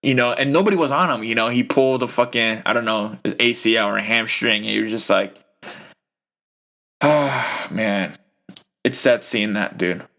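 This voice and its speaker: A man's voice: medium pitch, normal speed, gravelly, sharp tone. A young man hosting a podcast, ranting about a football game in a heated, profane, rambling way full of fillers. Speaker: podcast host. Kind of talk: casual sports rant.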